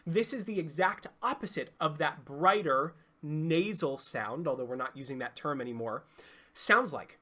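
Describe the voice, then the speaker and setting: A singing coach giving an online vocal lesson, explaining clearly and demonstrating sounds. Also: mid-range voice, animated, moderate pace, sharp tone.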